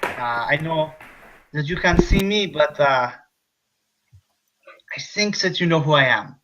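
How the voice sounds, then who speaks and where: A man's voice: on the low side, slow pace, muffled recording, noisy background, voice pushed down. A man voicing a scheming German doctor, slipping between French and German accents. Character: scheming male German doctor, captive in psych ward.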